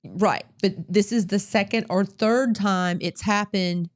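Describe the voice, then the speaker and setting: A woman's voice: mid-range voice, steady tone, slow. Woman co-hosting a news talk show. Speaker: co-host.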